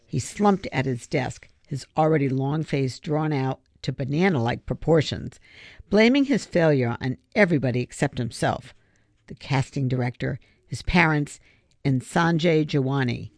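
A narrator reading a children's novel aloud in a steady, measured way. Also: mid-range voice, no room sound, studio quality. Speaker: audiobook narrator. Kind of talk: audiobook narration.

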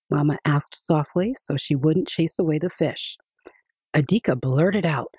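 A woman reading a children's picture book aloud in an expressive storytelling voice. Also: deep voice, normal speed, breathy edge, no room sound, studio quality.

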